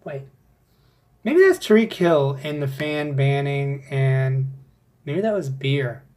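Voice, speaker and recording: A man's voice: medium pitch, big pitch swings, takes it slowly, a little mellow. A man hosting a casual fantasy football league recap, joking and teasing with plenty of swearing.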